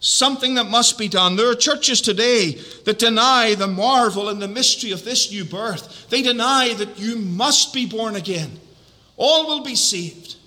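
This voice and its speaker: Male preacher, high, piercingly bright voice, deliberate emphatic sermon delivery, echoing church hall. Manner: measured, emphatic repetitions, drawn-out key words. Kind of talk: evening sermon. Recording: long hall reverb.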